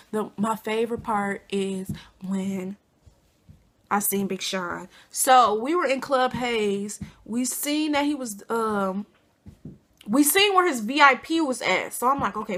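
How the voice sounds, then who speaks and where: Bright, chatty young woman telling a story. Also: on the high side, takes it slowly. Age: young adult. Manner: chatty, animated, many fillers. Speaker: vlogger. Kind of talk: casual storytelling.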